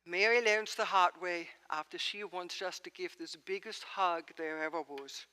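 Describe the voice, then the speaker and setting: A woman's voice: on the low side, unhurried, sharp tone, clean tone. A woman pastor giving a sermon, preaching expressively and asking rhetorical questions. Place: church sanctuary. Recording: long church reverb.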